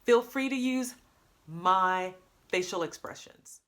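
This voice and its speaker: A woman coach talking to camera, upbeat and animated, acting out example phrases as she explains. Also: medium pitch, takes it slowly.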